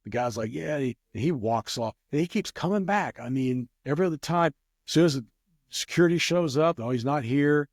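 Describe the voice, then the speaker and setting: A man's voice: a little high, animated, a little fast, dry recording, studio quality. A man telling a rambling casual story as an interview guest, with many restarts. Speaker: guest, craps player.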